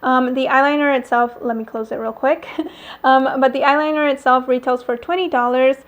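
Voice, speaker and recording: The recording is muffled as a woman with a high-sitting voice talks fairly quickly and steadily through a casual makeup tutorial. This beauty vlogger is chatty, with many fillers and little laughs, recording at home while airplanes pass nearby.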